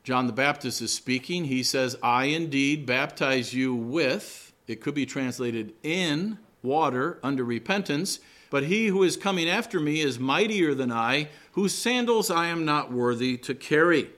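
A man's voice: lively intonation, measured pace, a bit bright. A man preaching a sermon, teaching from Scripture and the meanings of Greek words, pressing hard on his key words. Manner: emphatic, rising to high stressed peaks on key words. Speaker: pastor.

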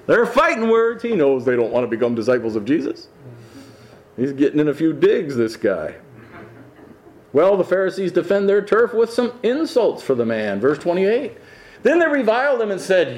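A man's voice: medium pitch, big pitch swings, normal speed, darkish tone. A man, a pastor, teaching through a Bible passage verse by verse in an enthusiastic, emphatic way with frequent chuckles.

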